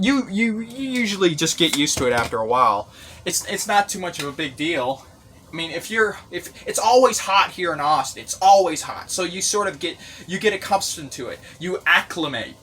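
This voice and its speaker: A man from Tennessee talks loosely in a vlog, restarting his sentences as he goes. His voice sits a little high. A faint hum of ambience runs under the recording inside his bus. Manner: rambling, restarts, relaxed and chatty. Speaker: vlogger. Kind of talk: casual vlog walkthrough.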